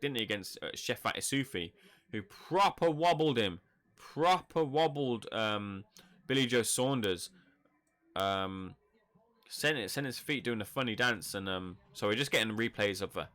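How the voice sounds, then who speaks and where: A man with a lowish voice, hosting a live fight-reaction stream. He talks in a chatty, rambling way and sounds bright and forceful. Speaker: boxing channel host.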